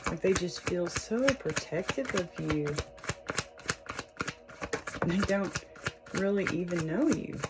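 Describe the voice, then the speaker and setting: Heavy background noise sits under this young woman's lowish, expressive voice as she reads tarot slowly, with long pauses. As the channel host, she chats warmly and casually to camera, laughing often and saying "y'all" plenty.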